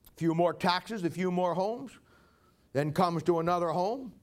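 Male pastor, sermon storyteller, very high voice. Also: normal speed. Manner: vivid, dramatic storytelling.

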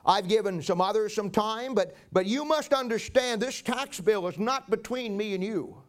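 A preacher acting out a stammering tax collector, sorry but unbending, in a sermon story. The voice is very high and a bit lower than his own. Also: moderate pace, lightly acted. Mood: apologetic. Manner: stammering, apologetic, firm. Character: apologetic but firm male tax collector.

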